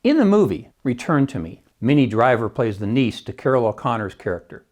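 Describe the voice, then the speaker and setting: A man who teaches economics talks through his prepared commentary with a lively, swooping pitch. He is emphatic, often opens a point with "see," and drops in wry asides along the way. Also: a little fast. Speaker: economics professor hosting a Christian podcast.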